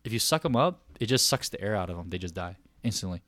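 Low and fast, this man in his thirties co-hosts a laid-back podcast, spinning stories full of laughter and acting out quotes. The recording is dry.

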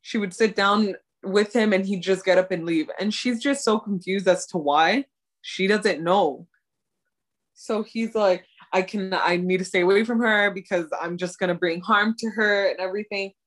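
Brief: young woman, mid-pitched voice, animated co-host who laughs and swears casually. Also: normal speed. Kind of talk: casual chat.

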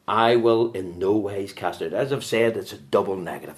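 A man preaching a sermon in a church, swinging from loud fervent calls to low hushed asides. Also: normal speed, hardly any pauses.

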